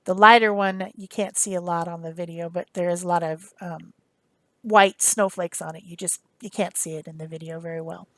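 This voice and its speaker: A woman's voice: fairly low pitch, steady tone, normal speed, fairly bright tone, no echo. A woman talking through a craft demonstration in a casual, rambling way, with many fillers and restarts. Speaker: craft tutorial host.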